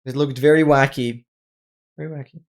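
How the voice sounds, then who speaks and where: Speaking at a moderate pace with a medium pitch, a streamer talks loosely over live gameplay, getting excited, exclaiming a lot, and offering thanks to viewers.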